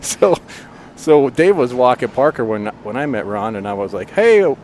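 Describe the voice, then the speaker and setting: A laid-back man co-hosts a podcast from behind the wheel, laughing often as he retells stories. His pitch moves a lot as he talks. Faint road noise from the truck sits underneath his voice. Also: expressive, normal speed, darkish tone. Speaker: podcast co-host. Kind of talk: casual chat. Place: driving a truck in freezing rain. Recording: car interior with road noise.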